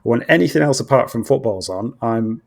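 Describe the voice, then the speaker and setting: A man's voice: mid-range voice, expressive, normal speed, creaky. A man with a British accent, originally from Australia, ranting bluntly and swearing constantly as a guest football fan on a casual podcast. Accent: British English.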